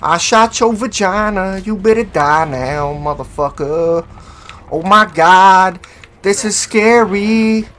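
Profane, jumpy let's-play gamer, slow-talking. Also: medium pitch, fairly bright tone, soft background music. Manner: profane, jumpy, taunts the enemy and yelps when startled. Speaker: gaming channel host.

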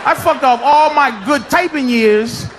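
A man performing a stand-up comedy routine on stage, loud, shouting punchlines and laughing mid-sentence. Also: very high voice, a little slow, very noisy. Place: stage before a live audience. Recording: live show with loud crowd laughter.

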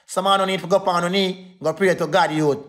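A man's voice: high voice, steady tone, fast, a bit bright. A young Jamaican man in a heated livestream rant, defiant and repetitive, calling out to his viewers.

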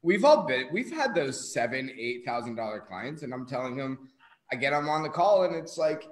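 A man's voice: mid-range voice, big pitch swings, moderate pace, reverberant, poor audio. A man from New York talking casually on a livestream as co-host, blunt and swearing freely.

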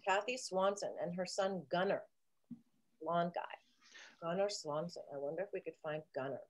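A woman's voice: fairly low pitch, moderate pace. A woman guest on a video call, talking casually in a rambling, jokey, theatrical way. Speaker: interview guest.

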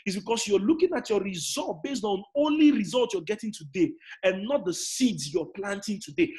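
A Nigerian man in his thirties giving a motivational talk, emphatic and repetitive, dropping quiet then shouting. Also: sits high, expressive, normal speed, hardly any pauses. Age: 30s. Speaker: motivational speaker. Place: indoors in an air-conditioned room.

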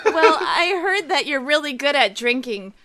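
A giggly, sweet-talking young sister with a high, bright voice that leaps around a lot, as a woman plays her in a tabletop game. She draws her words out slowly. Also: sing-song. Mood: coaxing.

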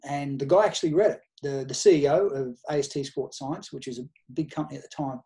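A man's voice: medium pitch, fast, warm tone. A middle-aged man with an Australian accent, a podcast guest telling anecdotes by quoting past conversations in a casual interview. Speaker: podcast guest, nutrition researcher and coach. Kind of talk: conversational storytelling.

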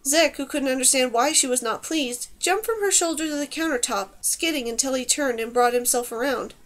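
A woman narrating a fantasy audiobook in a steady storytelling manner. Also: high voice, a little fast. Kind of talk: scripted narration.

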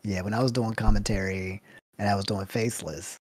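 A man hosting a casual commentary chat, laid-back and slangy, his sentences often trailing off quietly. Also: lowish voice, steady tone, a little fast, dry recording, clean studio sound.

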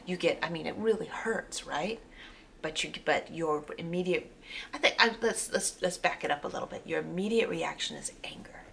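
Female tarot reader, lowish gravelly voice, rambling casual delivery with fillers, slips into near-whispers, faint background hiss. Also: animated, moderate pace, fairly bright tone. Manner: meandering, with frequent fillers and self-corrections. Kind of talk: casual spoken tarot reading.

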